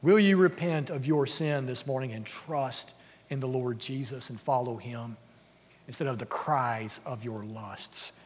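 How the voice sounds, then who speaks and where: A man preaching a sermon as pastor, earnest and sometimes dropping to a hush. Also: medium pitch, unhurried. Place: church sanctuary. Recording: long church-hall reverb.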